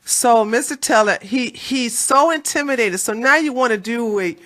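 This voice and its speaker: A woman from Washington, D.C. delivers political commentary in a blunt, taunting tone. Her voice sits fairly high and is very bright and sharp. She talks with open scorn. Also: normal speed. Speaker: commentary video host.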